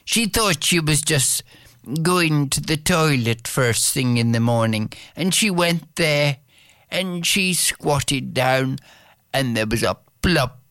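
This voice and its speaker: A woman telling a folk tale to listeners in a slow, drawn-out, lilting way. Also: deep voice, no echo, studio quality. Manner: slow, drawn-out, lilting, swoops up for lively parts. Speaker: storyteller. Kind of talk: oral folk storytelling.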